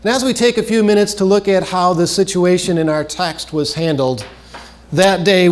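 A male preacher with a high voice delivers an earnest sermon. He repeats his key phrases and lets his voice sink low at the ends of phrases.

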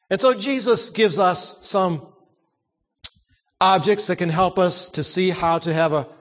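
High-voiced preacher in an echoing hall. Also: male voice, a bit bright. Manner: emphatic, repeats words and asks the congregation questions. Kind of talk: sermon.

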